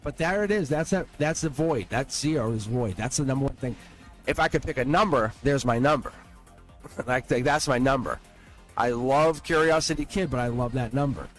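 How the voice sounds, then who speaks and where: A man giving a live-stream tarot reading, excitable and blunt, swearing and laughing as he talks to viewers. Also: medium pitch, moderate pace, faint music behind. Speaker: tarot reader.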